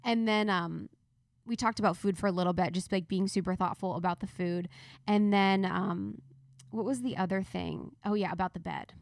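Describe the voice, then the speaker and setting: Chatty woman telling a lively story. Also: medium pitch, normal speed, creaky, no room sound, clean studio sound. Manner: animated storyteller, many fillers. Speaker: podcast host. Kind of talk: casual chat, storytelling.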